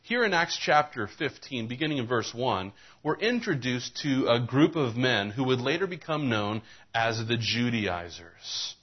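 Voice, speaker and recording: A man's voice: medium pitch, lively intonation, a little slow, breathy edge, highs cut off. A man preaching a sermon as a pastor, reading scripture and telling folksy jokes.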